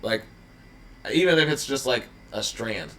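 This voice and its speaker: A man's voice: medium pitch, lively intonation, unhurried, sharp tone. A man who is a guest musician on a podcast, chatting casually, laid-back and swearing freely. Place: podcast studio.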